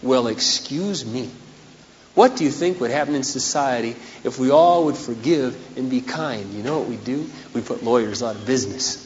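Hoarse, dramatic preacher in an echoing hall. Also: male voice, mid-range voice, fairly quick, hardly any pauses, darkish tone, a little hiss or hum. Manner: dramatic and humorous, acts out scenes. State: voice going hoarse. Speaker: pastor. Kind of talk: sermon. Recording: echoey hall on dull lo-fi recording.

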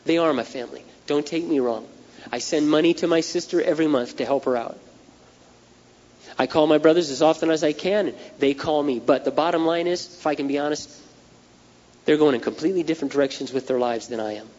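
A man's voice: on the high side, a little fast, darkish tone. A man preaching a sermon, earnest and repetitive, telling stories to drive his point home. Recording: dull lo-fi recording with long hall reverb.

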